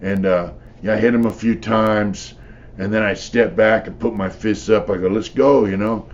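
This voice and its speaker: A man's voice: fairly low pitch, steady tone, normal speed, muffled recording. An older man, a former prisoner, telling his stories in a blunt, profane, rambling way with lots of "you know.". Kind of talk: casual storytelling.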